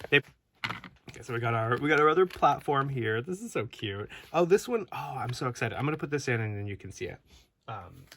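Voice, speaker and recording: Over some background noise, a man with a medium-pitched voice chats his way through a toy unboxing at home. This collector-vlogger keeps starting over and drifting into side comments.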